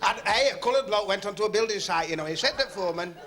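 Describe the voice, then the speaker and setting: A man's voice: sits high, lively intonation, very fast. A man doing club stand-up comedy, chatting and teasing the audience and laughing at his own jokes. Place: working men's club stage on TV. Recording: noisy 1970s TV recording, laughing club crowd.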